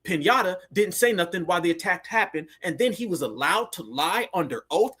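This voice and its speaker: A man's voice: sits high, expressive, brisk, pushed and bright, breathy edge. A man hosting heated social commentary, fiery and preachy with lots of slang. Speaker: commentator host.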